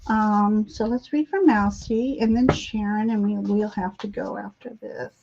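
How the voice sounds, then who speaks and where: A woman hosting a live tarot reading, speaking gently and affirmingly with frequent pauses and fillers. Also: medium pitch, fairly even intonation, gravelly, dull audio, noisy background. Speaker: tarot reader and live stream host. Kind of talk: intuitive card reading on a live stream.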